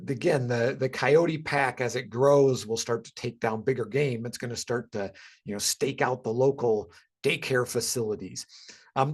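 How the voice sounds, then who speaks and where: Male presenter, mid-pitched, chatty webinar delivery with frequent ums. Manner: conversational, many ums and restarts. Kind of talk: casual educational talk.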